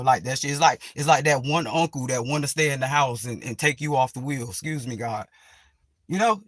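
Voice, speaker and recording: A woman's voice: extremely low pitch, no room sound. A woman vlogger in a profane, sarcastic ranting monologue, full of dramatic asides.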